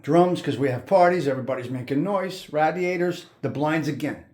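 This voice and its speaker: A host leads viewers on a walking tour through an old house, moving room to room and speaking admiringly as he repeats himself. His voice is fairly high and darkish in tone, at normal speed.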